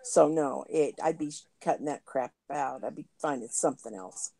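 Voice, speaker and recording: A woman's voice: low voice, moderate pace, vocal fry, dark tone. A woman chatting offhandedly as a guest on a live talk show. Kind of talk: casual chat.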